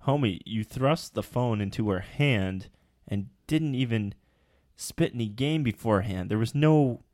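A man co-hosting a podcast in casual chat, playful and animated, with mock-indignant asides. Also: mid-range voice, unhurried, no room sound, clean studio sound. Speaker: podcast co-host.

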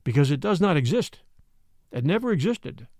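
A man voicing a grave, kindly older art professor who speaks with measured fervor. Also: a little high, sing-song, darkish tone, dry recording, clean studio sound. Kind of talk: audiobook character voice.

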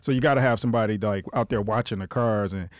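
A man casually telling a story about his old parking job, animated and laughing, swearing freely and acting out what people said. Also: fairly low pitch, fast, dry recording, clean studio sound. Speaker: former parking lot attendant telling a story.

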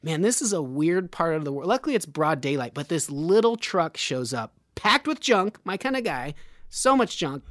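A man on a podcast telling a story casually, laughing as he goes and jumping up high for the voices of people he quotes. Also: big pitch swings, moderate pace, a bit bright, no echo, clean studio sound. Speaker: podcast guest.

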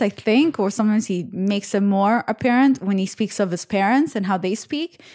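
A woman's voice: medium pitch, a little mellow. A woman hosting a casual podcast, giving opinionated, frank dating advice to listeners. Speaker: podcast host.

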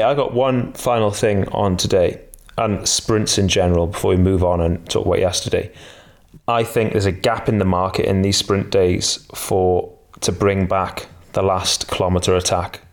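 Deep male co-host, enthusiastic, opinionated, casual. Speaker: podcast co-host. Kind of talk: casual sports chat.

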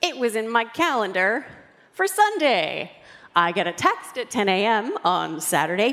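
A woman author giving an animated talk to a live audience, acting out quoted voices as she goes. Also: on the high side, normal speed. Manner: expressive, acts out quoted voices. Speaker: author and guest speaker. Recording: long hall reverb.

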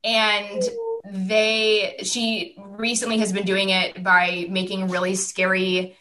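A woman's voice: medium pitch, little pitch movement, slow pace, sharp tone, rough recording. A woman in her thirties, a guest on a podcast, chatting candidly, laughing often and swearing freely. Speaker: guest author. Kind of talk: casual interview chat.

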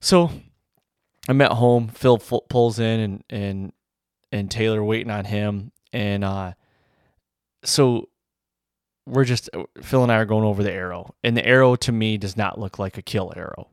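Low-voiced man telling a hunting story. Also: a little slow, smooth, no room sound, studio quality. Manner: rambling, excited, full of "like" and "you know". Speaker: bowhunter. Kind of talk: casual storytelling to camera.

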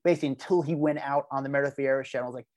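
A man's voice: mid-range voice, very fast. A man, a podcast guest, telling a long story with energy and acting out the quotes. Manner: animated storyteller, acts out quoted lines. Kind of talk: casual podcast chat.

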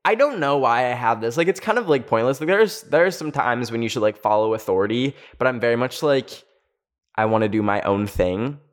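Young man, storytime vlogger, chatty, lots of "like", medium pitch. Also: lively intonation, brisk. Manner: chatty, fills speech with "like". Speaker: video creator. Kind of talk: storytime vlog.

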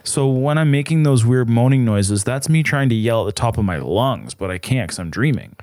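A man's voice: mid-range voice, brisk, no room sound, studio quality. Laid-back young man chatting on a podcast. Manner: relaxed, joking, defensive banter. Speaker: podcast co-host. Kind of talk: casual chat.

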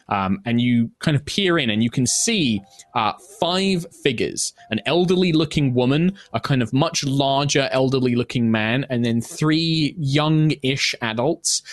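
A man's voice: medium pitch, expressive, unhurried, dry recording. A man running a tabletop game as game master, describing the scene in a loose, rambling way.

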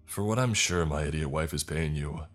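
A sulky, ill-tempered husband who sneers and shouts, played by a man with a very deep voice. The tone stays close to the reader's own, gruff and loud. Faint music runs beneath. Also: moderate pace. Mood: snide. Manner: snide, yelling. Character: surly, rude young husband, sulky and loud.

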